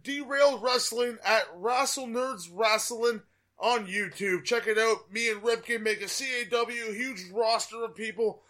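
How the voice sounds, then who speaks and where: A man's voice: extremely high pitch, measured pace, bright, forceful tone. A man guesting on a podcast, joking crudely and plugging his shows with brash bluster. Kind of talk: casual chat.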